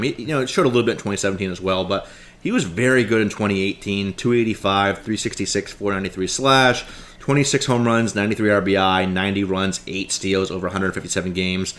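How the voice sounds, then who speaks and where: Brief: male guest analyst, lowish voice, casual, stat-heavy, full of "like" and "you know". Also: fast talker, a bit bright. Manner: rattles off stats, many "like" and "you know" fillers. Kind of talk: casual sports chat.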